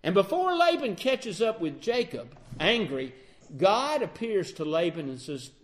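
A man's voice: high-pitched, sing-song, unhurried. A man retelling a Bible story in a conversational way, with fillers and self-corrections.

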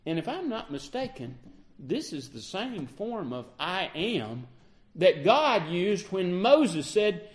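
A man preaching a sermon, acting out the quoted dialogue with lively emphasis. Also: a little high, slow pace.

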